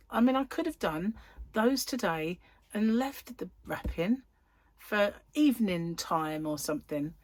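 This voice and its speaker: A chatty woman vlogging and telling jokes, laughing as she goes. She talks at an unhurried, slow pace. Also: on the low side, animated, a little mellow. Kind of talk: casual chat. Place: in a van.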